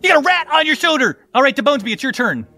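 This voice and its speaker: A man's voice: very high-pitched, very animated, racing, sharp tone. A man narrating as game master in a tabletop game, loose and playful with many fillers.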